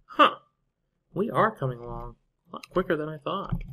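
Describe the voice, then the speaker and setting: A man casually commentates on his own strategy game play, musing to himself and trailing off with fillers and half-finished thoughts. His voice is on the high side with big pitch swings, a sharp tone and a moderate pace.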